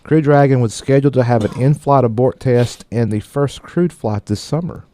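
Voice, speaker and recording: Speaking at a moderate pace in a warm, mid-range voice, a man co-hosts a radio tech show and reads news stories. He often stumbles and makes fun of his own mistakes, keeping the news chat casual.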